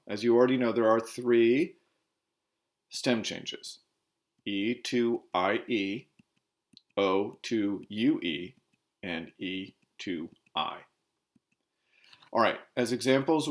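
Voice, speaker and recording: A Spanish teacher recording a slide lesson, explaining verb endings and spelling out stems letter by letter, moving between Spanish and English. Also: male voice, fairly low pitch.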